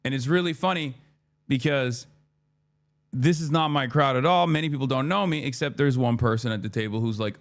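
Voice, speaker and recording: Brisk and medium-pitched, this thirtysomething streamer relates a story in a casual way. His telling is profane and lively, and he acts out the things he himself said.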